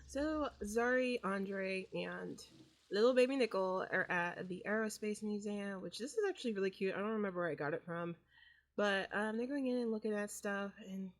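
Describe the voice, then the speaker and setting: A woman's voice: mid-range voice, moderate pace. A woman narrating a life-sim gameplay video in a chatty, casual way, with lots of fillers.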